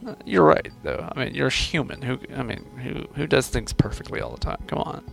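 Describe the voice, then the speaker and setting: A man hosts a conversational coaching interview, and his voice has a gravelly creak at a middling pitch. He keeps prodding with questions, playful but encouraging. Faint music sits quietly beneath him. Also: lively intonation, fairly quick. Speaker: host coaching a student.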